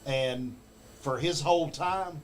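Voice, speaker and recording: A man's voice: fairly high pitch, slow pace, slight background noise. A man from the United States speaking in casual chat, emphatic and a bit boastful.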